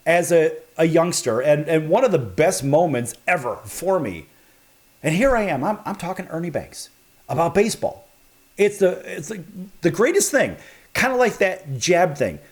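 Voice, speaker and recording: An animated male talk show host from the Chicago area, spinning a story in a chatty way. His voice sits a bit high and swings widely. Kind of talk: storytelling in a broadcast interview.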